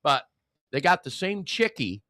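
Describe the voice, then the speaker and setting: A man's voice: on the high side, very animated, measured pace, bright, forceful tone, no room sound, studio quality. An older man from Michigan co-hosting a casual political podcast, stuffed up from a cold and rambling as he talks. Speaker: co-host.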